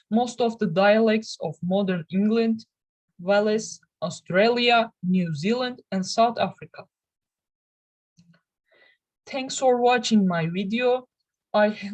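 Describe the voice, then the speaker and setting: Young woman, Turkish native speaker, student presenter; slow, careful, stop-start delivery. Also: medium pitch, a little mellow, rough recording. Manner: careful, halting delivery with restarts. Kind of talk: reading a class presentation.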